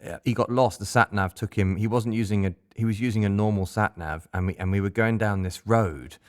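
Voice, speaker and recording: Brief: bandmate, fairly low voice, casual storyteller. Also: male voice, brisk, clean tone. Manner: chatty, loose anecdotes. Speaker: band member. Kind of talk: casual podcast chat.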